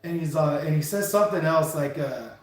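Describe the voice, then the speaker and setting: A man's voice: a little high, fairly quick. Man telling a story in a very echoey room. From California. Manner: rambling, animated anecdote with many restarts and chuckles. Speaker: truck driver and live stream host. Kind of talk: casual storytelling on a live stream.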